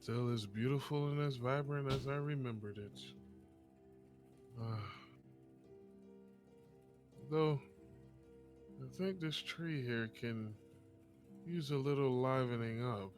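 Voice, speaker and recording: Here is a returning elf queen with a Jamaican lilt, proud and stately, as a man puts her on at the game table. She speaks at an unhurried, measured pace. Her voice sits in an ordinary middle range. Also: mid-range voice, darkish tone, faint music behind, natural voice. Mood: wistful.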